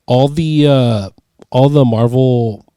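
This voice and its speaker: A man's voice: mid-range voice, takes it slowly, mellow, smooth, dry recording. A man co-hosting a casual movie review chat in a rambling, laid-back way. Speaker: podcast co-host.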